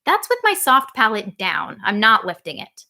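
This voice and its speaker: Speaking at a moderate pace in a voice on the high side, a female vocal coach teaches a live lesson online. She explains calmly and sings vowels now and then as demonstrations.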